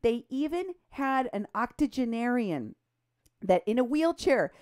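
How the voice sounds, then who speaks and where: A woman co-hosting a political talk show, animated and indignant, her voice jumping up when she is outraged. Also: fairly high pitch, measured pace. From Mexico. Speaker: co-host.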